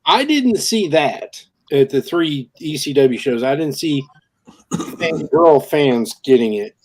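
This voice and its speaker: A man co-hosting a casual podcast chat, halting and filling pauses as he talks. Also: fairly high pitch, lively intonation. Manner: halting, many fillers and restarts. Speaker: podcast co-host.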